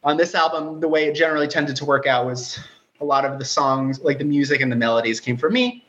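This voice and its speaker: A young man with a relatively high, nasal voice, chatting animatedly as a guest on a remote interview. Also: lo-fi sound. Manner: fast, animated, talkative, self-deprecating. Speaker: guitarist and songwriter, guest. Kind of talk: casual interview chat.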